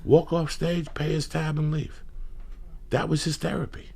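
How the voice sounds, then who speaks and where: A man hosting a podcast, telling profane comedic stories in rambling anecdotes with loud bursts of emphasis. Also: fairly high pitch, flat delivery, moderate pace, vocal fry, slightly rough. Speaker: podcast host.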